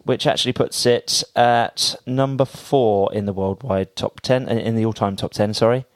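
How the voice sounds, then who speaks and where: A man's voice: lowish voice, fairly even intonation, moderate pace, no echo. A man co-hosting a podcast, chatting casually and jokingly as he reads entertainment news from his notes. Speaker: podcast co-host. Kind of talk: casual chat.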